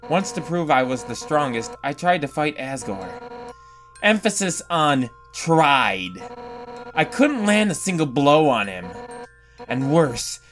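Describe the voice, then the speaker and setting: A let's-play gamer voicing a hot-headed fish-monster woman who captains the royal guard, gruff and blunt, slipping into awkward confiding. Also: mid-range voice, big pitch swings, slow, a bit bright, soft background music. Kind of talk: reading game dialogue aloud.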